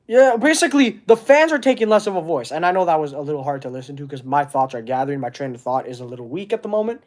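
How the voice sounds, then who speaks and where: A man chats on a live stream, reading out viewer comments. He talks earnestly, stopping and restarting as he hunts for the right words. It sounds like a streaming mic at his desk. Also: sits high. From Canada. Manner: halting, searching for words, earnest. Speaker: wrestling channel host. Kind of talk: casual livestream chat reading comments.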